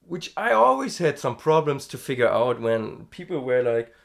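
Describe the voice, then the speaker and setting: A man's voice: medium pitch, sing-song, normal speed. A man hosting a casual vocal-practice diary, chatty and self-amused, thinking aloud with fillers. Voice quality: gravelly fry in the voice. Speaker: host.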